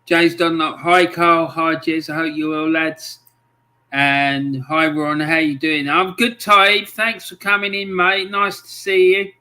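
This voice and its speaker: A man's voice: fairly high pitch, completely flat delivery, slow, pushed and bright, clear, resonant tone. A man hosting a casual livestream, chatting in a friendly way and greeting viewers with lots of ums. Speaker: livestream host. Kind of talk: casual livestream chat, reading out viewer comments.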